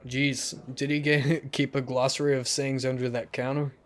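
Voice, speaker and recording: A man's voice: mid-range voice, little pitch movement, moderate pace. A man hosting a let's play, reading a visual novel aloud and adding joking, self-deprecating asides.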